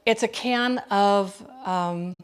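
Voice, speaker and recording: A woman's voice: medium pitch, slow, clean tone. A woman hosting a casual cooking livestream from her home kitchen, chatting with viewers by name and often restarting her sentences.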